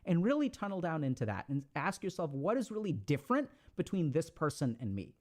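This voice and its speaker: A man giving casual advice to an audience, talking in an animated, conversational way and acting out little quoted exchanges. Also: on the high side, fairly quick. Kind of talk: casual motivational talk.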